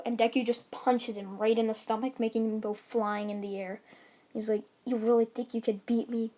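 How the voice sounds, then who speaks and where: A woman's voice: a little high, mellow. A woman casually retelling a fan story, rambling with many fillers and restarts.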